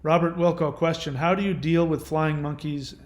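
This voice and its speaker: A man hosting his own channel, answering viewer questions in casual, gentle, reassuring advice talk. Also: on the high side, level tone, normal speed, roomy sound.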